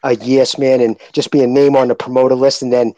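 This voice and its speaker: A man's voice: medium pitch, little pitch movement, a little fast, warm tone, no echo, low-quality recording. A man in casual podcast chat, ranting heatedly and swearing freely.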